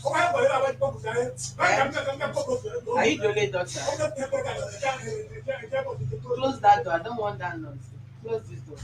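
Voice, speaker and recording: A woman's voice: medium pitch, animated, takes it slowly, pauses often, noisy background. A Nigerian woman hosting a mediation session, firm and lecturing, giving commands. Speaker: mediator host. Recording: roomy office sound from a distance.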